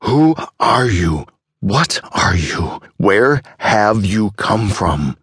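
A man's voice: sits low, sing-song, takes it slowly, no echo, clean studio sound, heavily acted. A man voicing a rattled male doctor who snaps angrily in an audiobook. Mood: angry. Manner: sharp, angry outbursts.

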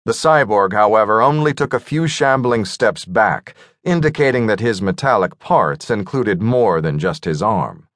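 Low-voiced man narrating an audiobook. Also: animated, moderate pace, few pauses, fairly bright tone, dry recording, clean studio sound. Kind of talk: scripted narration.

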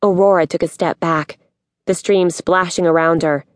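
Woman audiobook narrator: measured, even storytelling, dry studio sound. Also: on the low side, dry recording. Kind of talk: scripted narration.

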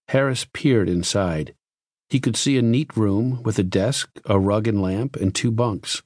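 A man narrating a science fiction story in a measured, expressive reading. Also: fairly low pitch, no echo, studio quality. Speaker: audiobook narrator. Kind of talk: scripted narration.

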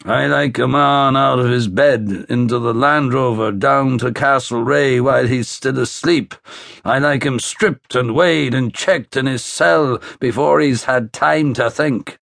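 A man doing a gruff Belfast detective. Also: mid-range voice, a little slow, a bit bright, dry recording, studio quality. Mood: gruff, blunt. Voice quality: gruff, blunt and profane. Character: huge gruff male Belfast police detective, blunt and cynical. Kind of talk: audiobook character voice.

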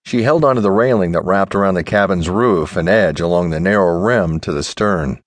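A man narrating an audiobook in a measured, expressive reading. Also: deep voice, no room sound. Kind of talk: scripted narration.

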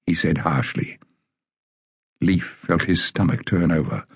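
A man narrating a children's fantasy audiobook in a measured, deliberate way. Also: sits low, steady tone, husky, no echo, studio quality. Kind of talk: scripted narration of a children's novel.

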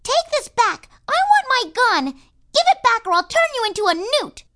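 Woman doing a shrill, bossy little cowgirl. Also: very animated, moderate pace, full character voice. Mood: angry shouting. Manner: shrill, demanding shouting. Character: very young girl in a cowboy costume, bossy. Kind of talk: audiobook character voice.

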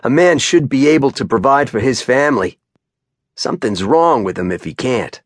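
A man doing a huge rough backwoodsman with a thick Down East Maine accent, talking plainly and humbly in an audiobook. The voice sits a bit higher than the narration, close and dry. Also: lively intonation, normal speed, dry recording, natural voice. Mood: earnest.

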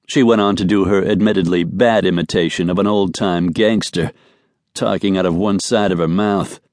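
A man narrating a romance audiobook in an even, measured way. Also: deep voice, dry recording. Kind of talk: scripted narration. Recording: dry studio recording.

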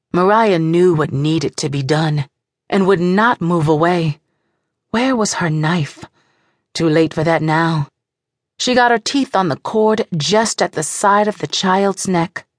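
This is scripted audiobook narration by a woman whose voice sits lowish. She tells the novel's story in a measured, even way, recorded cleanly in a studio without any room sound.

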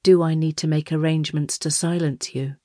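A scheming male court official with a high, girlish voice, voiced by a woman. He speaks silkily and carries a quiet threat. The audiobook sound is close and dry. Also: steady tone, brisk, no room sound. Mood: menacing. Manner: silky, threatening.

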